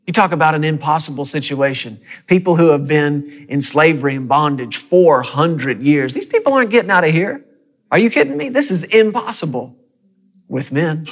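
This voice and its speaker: A man preaching a sermon in a church, lively and dramatic, with fast bursts and sudden hushed drops. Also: fairly high pitch. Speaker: pastor.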